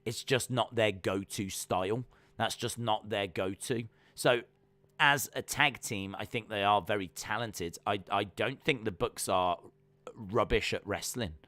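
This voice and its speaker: A man's voice: lowish voice, unhurried, pushed and bright, no echo. A man hosting a live wrestling reaction stream, chatting casually with lots of fillers and reading viewer comments aloud.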